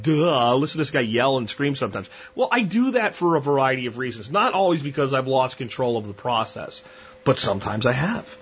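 A husky, slightly breathy man's voice, pitched a bit higher than most, delivering a blunt, opinionated podcast monologue. He rambles through long analogies with frequent restarts. The audio is dull and lo-fi. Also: a bit bright. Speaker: podcast host.

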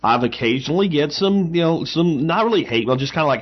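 A man's voice: on the high side, animated, quick pace, breathy edge, lo-fi sound. A man hosting a show, casually answering listener mail with frequent fillers and emphatic asides. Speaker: podcast host.

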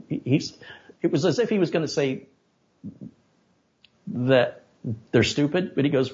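A man's voice: fairly high pitch, moderate pace, pauses often. Opinionated man telling stories, lo-fi sound. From United States. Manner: animated, opinionated storyteller. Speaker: guest, tech video maker. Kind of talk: podcast interview.

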